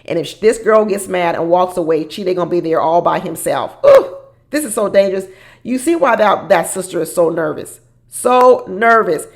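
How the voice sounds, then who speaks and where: A woman giving casual, animated recap commentary on a reality show, dramatic and laughing as she talks. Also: fairly low pitch, brisk, vocal fry.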